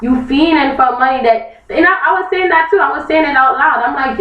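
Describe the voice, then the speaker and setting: A woman's voice: high-pitched, brisk, fairly bright tone, a little hiss or hum. Young woman vlogger in a fired-up rant, recorded from a distance with a muffled lo-fi sound. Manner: angry, emphatic, repeats herself, acts out others in mocking voices. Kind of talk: heated opinion rant. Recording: echoey, distant, dull lo-fi webcam recording.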